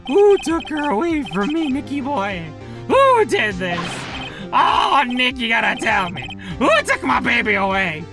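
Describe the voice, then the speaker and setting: A man voicing a distraught young man who wails and shouts melodramatically in despair. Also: very high voice, big pitch swings, a little slow, over music, voice pushed up, heavily acted. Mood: wailing.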